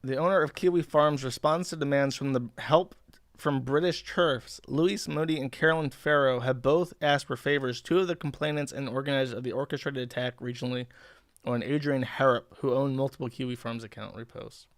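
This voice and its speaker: A man's voice: medium pitch, a little fast, dry recording, clean studio sound. A man hosting a livestream, reading posts aloud in casual commentary with a sarcastic, profane, mocking manner. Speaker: livestream host.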